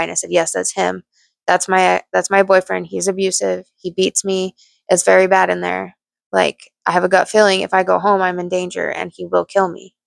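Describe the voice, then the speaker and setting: Gravelly young woman telling her story. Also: fairly low pitch, no echo. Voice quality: gravelly vocal fry. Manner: candid, blunt, swears freely, restarts often. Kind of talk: personal storytime monologue.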